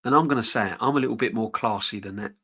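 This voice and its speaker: Talking rapid-fire in a lowish, pushed and bright voice, this middle-aged man hosts a football channel live stream and reads the chat. His casual talk is rambling and frank, full of restarts.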